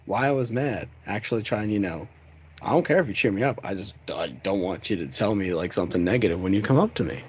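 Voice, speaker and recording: A man's voice: on the low side, animated, fast, muffled recording, a little hiss or hum. A man co-hosting a podcast, talking in laid-back casual chat. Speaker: podcast co-host.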